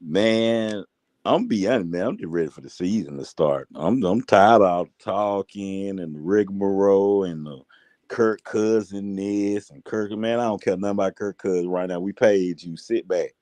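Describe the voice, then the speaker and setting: A blunt, laid-back man with a Southern accent joining a casual podcast as a guest. His voice is on the low side. The sound is dry, with no room sound. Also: normal speed, darkish tone, no room sound. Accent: Southern American. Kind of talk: casual chat.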